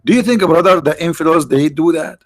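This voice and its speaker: A man hosting a live stream with mocking, sarcastic commentary and rhetorical questions, his voice tired, clearing his throat now and then. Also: fairly high pitch, fairly quick, no echo. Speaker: online show host.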